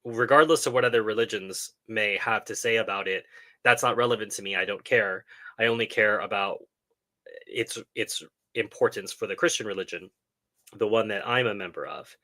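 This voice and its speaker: A middle-aged man hosting a live stream and answering viewer questions in a casual, thoughtful way, pausing and restarting as he explains. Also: on the low side, pushed and bright.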